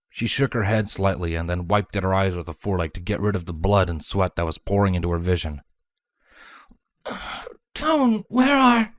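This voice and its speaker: Man, very deep voice, measured dramatic story narration, dry close sound. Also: no room sound. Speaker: fanfiction reader.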